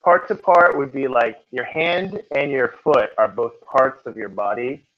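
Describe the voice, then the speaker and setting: A man's voice: medium pitch, a little slow. A male test prep teacher giving a casual classroom lecture who keeps checking in with his students. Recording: dull lo-fi recording.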